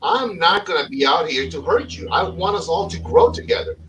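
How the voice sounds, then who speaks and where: A man's voice: sits high, big pitch swings, a little fast, fairly bright tone, distant mic, a little hiss or hum, poor audio. Effusive host man, a bit off-mic. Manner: effusive, enthusiastic. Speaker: podcast host and cigar shop owner. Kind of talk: casual podcast chat.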